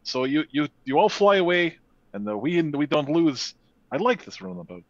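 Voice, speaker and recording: A man voicing an alien engineer who speaks in broken, halting English in a tabletop game. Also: a little high, sing-song, no echo. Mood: eager. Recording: lo-fi mic.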